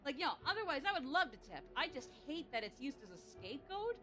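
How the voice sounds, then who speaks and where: A woman's voice: high voice, big pitch swings, brisk, a bit bright. A woman streaming a game, chatting in a rambling, jokey way full of fillers. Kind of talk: livestream gaming commentary.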